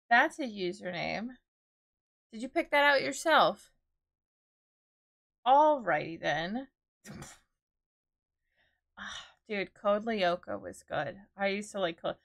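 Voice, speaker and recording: A woman's voice: medium pitch, fairly bright tone. A woman in her twenties, chatting casually with her viewers on a live stream. She rambles as she talks, with lots of "like" and "dude".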